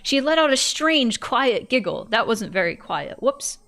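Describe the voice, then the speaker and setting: A woman's voice: on the high side, big pitch swings, measured pace, creaky, fairly bright tone. A woman streamer narrating a visual novel in first person, reading expressively and breaking off for joking asides.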